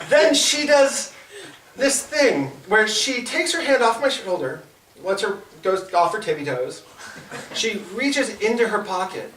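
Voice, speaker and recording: A man's voice: extremely high pitch, noisy background. Stammering young man telling stand-up stories. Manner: halting, stammering delivery with many restarts. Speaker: stand-up comedian. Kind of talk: stand-up storytelling. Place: small comedy club at an open mic. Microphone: no microphone, recorded from across the room. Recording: roomy, distant open-mic room recording. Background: audience laughter.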